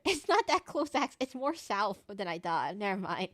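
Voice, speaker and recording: A woman's voice: mid-range voice, very animated, unhurried, fairly bright tone. A woman streaming a game, chatting casually with her viewers in a giggly, rambling way. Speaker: VTuber streamer. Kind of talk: casual livestream chat while gaming.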